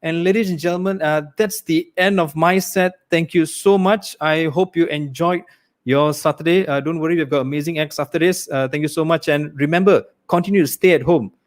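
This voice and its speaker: A young man from Malaysia performing a livestreamed stand-up set, acting out characters. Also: brisk. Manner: animated, acts out characters with big pitch swings. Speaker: stand-up comedian.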